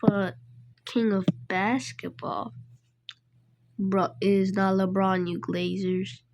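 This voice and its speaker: A woman's voice: medium pitch, fairly even intonation, slow, darkish tone, slight background noise. A woman animator giving casual commentary while working, muttering to herself and counting in a half-whisper.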